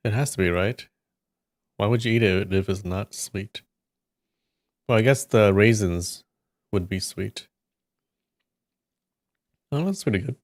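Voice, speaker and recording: Slow, musing man on a dry mic. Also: on the low side, no room sound. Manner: musing, amused, trailing asides. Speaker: live stream host. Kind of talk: casual chat while tasting snacks.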